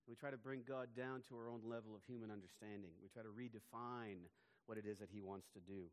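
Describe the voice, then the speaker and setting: A pastor preaching a sermon, earnest and emphatic. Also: male voice, on the low side, fairly even intonation, brisk. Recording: long hall reverb.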